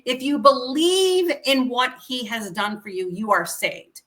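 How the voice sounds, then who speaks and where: Earnest bright-voiced middle-aged woman. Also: fairly high pitch, a little slow. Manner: earnest, emotional, quotes others in conversation. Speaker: interview guest. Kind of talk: personal storytelling.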